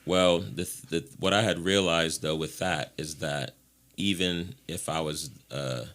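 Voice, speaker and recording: A man's voice: low voice, steady tone, a little slow, fairly bright tone. A man from Ohio telling his life story as a podcast guest, frank and rambling, acting out what others said to him. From Ohio, USA. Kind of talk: candid personal storytelling.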